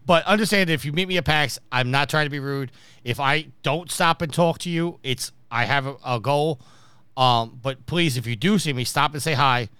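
New york guy hosting a podcast, bright crisp voice, dry close sound, tells stories and does the other people's lines. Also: fairly high pitch, normal speed, no echo. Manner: storytelling, acting out quoted people. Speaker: podcast host. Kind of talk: casual podcast chat.

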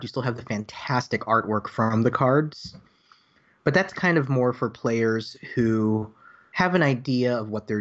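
A man's voice: mid-range voice, highs cut off. A man talking as a guest on a podcast, explaining a card game with enthusiasm. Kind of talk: casual podcast chat.

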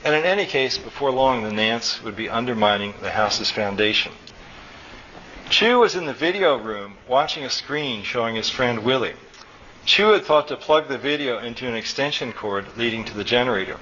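A man's voice: medium pitch, animated, normal speed, sharp tone, muffled recording, a little hiss or hum. Man reading his story aloud. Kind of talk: public fiction reading. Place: college hall, live.

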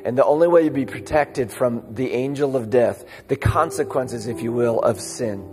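A man's voice: medium pitch, normal speed, a little mellow, soft background music. A male pastor giving a casual, conversational sermon in a church sanctuary. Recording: long reverb of a large hall.

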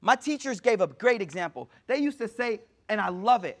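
A man's voice: sits high, moderate pace, few pauses. A man giving a religious lecture, retelling a narration with acted-out quotes and casual slang. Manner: animated, slangy, acts out quotes. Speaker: Islamic teacher. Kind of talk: lecture storytelling.

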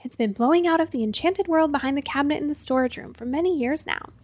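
A woman's voice: high voice, fast, a little mellow, no room sound, natural voice. A woman voicing a lawyer who talks down to others. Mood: patronizing. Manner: patronizing.

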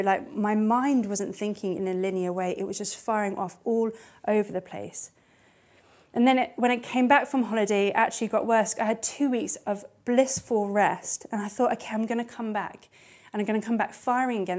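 Candid woman preaching a sermon. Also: medium pitch. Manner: candid and personal, with soft hushed passages.

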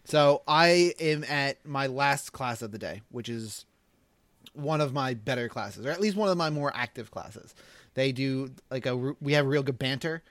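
A man's voice: mid-range voice, moderate pace, fairly bright tone, no echo. A man who teaches school, co-hosting a podcast and telling a rambling story in casual chat. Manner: rambling, hedging with many fillers.

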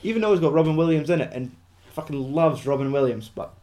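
A man's voice: a little high, expressive, fast, mellow. A man co-hosting a casual film chat, rambling and sweary with lots of fillers. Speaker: podcast co-host.

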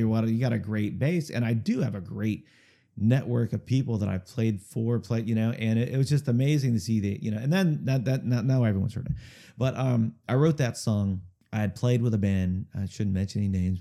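A low, gravelly voice with a dark tone belongs to a male singer-songwriter being interviewed casually. He rambles through a story in a chatty way, repeatedly checking in with "okay?"

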